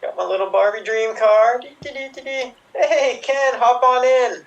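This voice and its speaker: A man's voice: very high voice, steady tone, moderate pace, lo-fi sound, pitched above the performer's own voice. A man putting on the voice of a vain, bubbly blonde woman in an improv film remake, preening and sing-song. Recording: voice from a distant mic.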